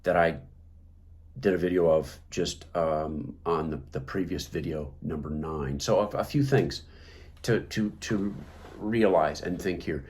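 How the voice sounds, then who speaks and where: Man, lowish voice, clarinet teacher, halting delivery, instructional talk. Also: darkish tone. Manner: hesitant, many fillers and restarts.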